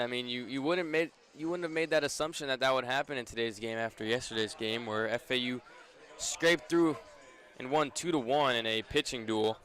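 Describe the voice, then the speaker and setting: A young man doing brisk radio play-by-play of a baseball game, his voice rising on big plays. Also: medium pitch, sharp tone. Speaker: play-by-play announcer.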